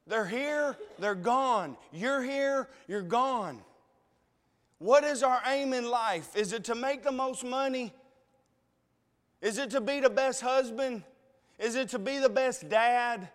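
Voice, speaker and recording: A male preacher with a high voice, delivering a slow, deliberate sermon. He sounds tearful and emotional, and he pleads with his listeners through repeated questions. His voice rings with the long reverb of a hall.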